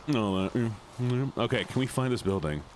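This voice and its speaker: A male streamer chatting casually over his game, goofy and jokey. His pitch bounces widely up and down. He drops into a folksy drawl now and then, with faint hiss behind him. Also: animated, a little fast, darkish tone. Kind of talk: casual chat while gaming.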